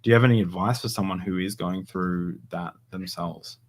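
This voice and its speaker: A young man hosting a relaxed podcast chat, his voice pitched on the low side. He rambles through stories, restarting sentences and leaning on fillers as he goes. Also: normal speed. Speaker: podcast host. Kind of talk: casual chat.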